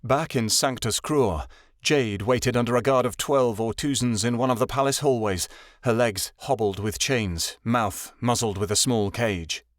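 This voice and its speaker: A man reading a fantasy audiobook aloud as narrator, in a steady, even storytelling read. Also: medium pitch, a little slow, no room sound, studio quality.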